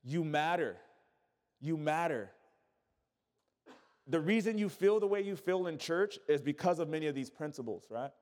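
Male pastor, high voice, emphatic call-and-response preaching, echoey church hall. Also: fairly quick, few pauses, a little mellow. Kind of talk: sermon. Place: church sanctuary.

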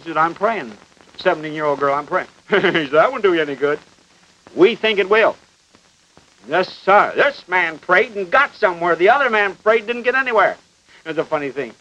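High-voiced fiery preacher on an old broadcast. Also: male voice, expressive, normal speed. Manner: emphatic, swooping from loud exhortation to hushed pleading. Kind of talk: fiery sermon. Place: broadcast studio. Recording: dull lo-fi 1950 broadcast with faint hiss.

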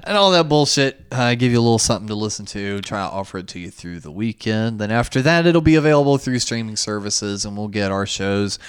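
A man's voice: fairly low pitch, lively intonation, a little fast, few pauses, smooth. A man co-hosting a podcast, telling a story in casual chat with a lot of swearing. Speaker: podcast co-host.

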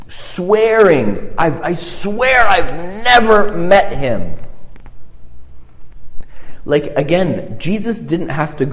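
A man preaching a conversational sermon, earnest and halting, often repeating and restarting his phrases. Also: a little high, darkish tone. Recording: reverberant hall.

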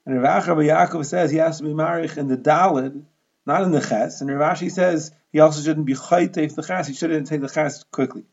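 Male Talmud teacher, gravelly and a touch high, methodical explainer, muffled lo-fi sound. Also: brisk. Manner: steady, methodical explaining, Hebrew and Aramaic terms mixed into English. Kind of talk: explanatory lesson.

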